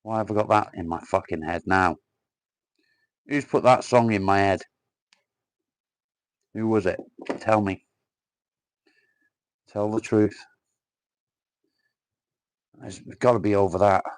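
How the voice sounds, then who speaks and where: A man's voice: fairly low pitch, slow, long pauses, dry recording. A man from Northwest England chatting casually to viewers on a live stream while doing cable work, blunt and sweary as he rambles. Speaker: livestreamer.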